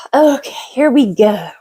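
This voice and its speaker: A woman working as a psychic medium on a live stream, giving a past-life reading. She talks in a relaxed, chatty way, thinks aloud, and often stops to restart a thought or reach for the next word. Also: fairly high pitch, breathy edge, poor audio. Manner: thinks aloud in a halting way, with many fillers and restarts; relaxed and chatty, laughs easily.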